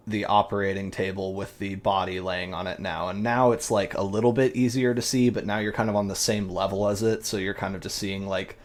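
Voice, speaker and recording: A man narrating a tabletop game as game master, in a rambling, descriptive way with many fillers. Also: on the low side.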